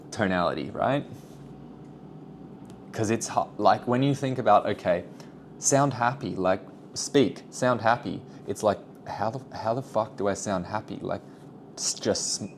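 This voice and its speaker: Low-voiced young man rambling casually. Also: slight background noise. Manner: rambling, self-deprecating, trails off into asides. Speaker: vlogger. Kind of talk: casual self-improvement vlog.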